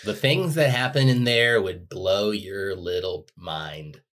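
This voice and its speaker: A man's voice: deep voice, slow pace, a bit bright. A man co-hosting a podcast, chatting casually with frequent swearing and wry jokes. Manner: profane, wry. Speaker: podcast co-host. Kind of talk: casual chat.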